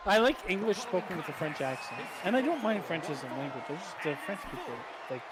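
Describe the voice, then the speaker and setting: A man chatting casually over a video game session, opinionated and quick to laugh, swearing freely. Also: high voice, sing-song, a loud crowd, heavy background noise. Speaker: co-host, gamer. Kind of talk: casual banter over gameplay.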